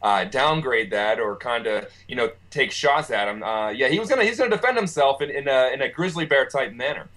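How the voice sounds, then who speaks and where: A man's voice: medium pitch, animated, a little fast, hardly any pauses, fairly bright tone. A man talking as a guest in a casual conversation, earnest and reflective as he recalls a family member. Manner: earnest, reflective, with frequent fillers and restarts. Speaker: guest, nephew of the person discussed.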